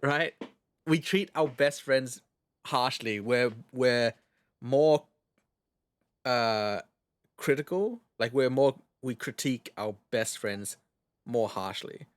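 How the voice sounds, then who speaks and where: A man's voice: medium pitch, slow pace, pauses often, clean tone. An Australian man chats casually as he streams a game. He rambles, laughs often and swears freely. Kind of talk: casual livestream gaming chat.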